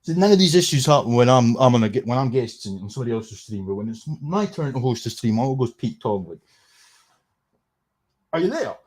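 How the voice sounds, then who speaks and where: A man's voice: mid-range voice, expressive, quick pace, hardly any pauses. A Scottish man hosting a casual livestream, ranting sarcastically and swearing freely. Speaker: livestream host.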